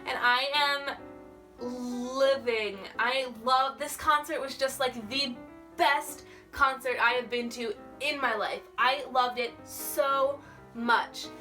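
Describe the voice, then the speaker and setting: A young woman vlogger telling a story in a gushing, excitable way, full of "like". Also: high voice, slow pace, recorded from a distance, faint music behind. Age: young adult. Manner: gushing, excitable, heavy use of "like". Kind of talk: casual storytelling.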